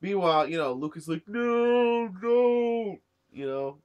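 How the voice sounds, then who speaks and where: A man's voice: a little high, fast, dull audio. Rambling man with a cough. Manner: rambling, lots of "you know" and "uh". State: sick, coughing. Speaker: manga reviewer. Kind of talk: casual chat.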